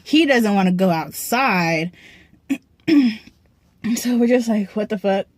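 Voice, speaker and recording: Young woman vlogger, mid-pitch, dry sound; slangy, swears a lot, keeps clearing her throat. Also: animated, unhurried, no echo. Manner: profane, slangy storytelling with frequent throat clearing. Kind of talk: casual storytime. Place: parked car.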